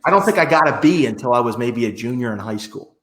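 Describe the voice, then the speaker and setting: A man in his forties talks as a guest on a podcast, spinning animated stories from his past. His pitch sits at an ordinary middle level for a man. The recording is roomy, with a clear echo around him. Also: fast talker. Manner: animated storyteller who acts out quotes in other voices. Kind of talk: conversational interview storytelling.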